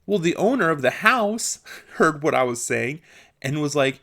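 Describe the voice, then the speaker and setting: A man's voice: a little high, very animated, pushed and bright. A young man telling a casual personal story, chuckling as he goes and restarting his sentences. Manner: laughs often, with quick restarts. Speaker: vlogger.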